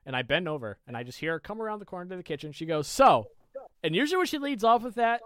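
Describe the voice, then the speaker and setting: A man co-hosting a podcast, telling an animated story in casual chat with many quoted asides. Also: sits high, fast, dry recording, studio quality. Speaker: podcast co-host.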